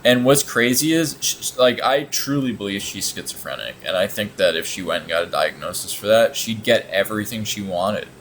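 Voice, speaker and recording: A man's voice: fairly low pitch, a little fast, hardly any pauses, a bit bright, a little hiss or hum, poor audio. A man hosting a reaction video, talking casually in a blunt, sarcastic way and swearing often.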